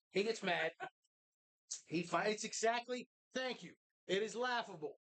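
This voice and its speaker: A co-host on a live talk show recorded in a bar, swearing constantly while retelling a movie in animated detail. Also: mid-range voice, measured pace. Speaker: podcast co-host.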